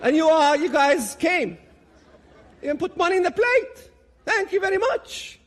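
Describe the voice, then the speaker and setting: A man gives a dramatic public talk. His voice sits high for a man and swings widely as he pushes each point hard. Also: expressive, unhurried. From Palestinian territories. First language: Arabic. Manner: dramatic, emphatic, builds to loud peaks. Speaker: public speaker.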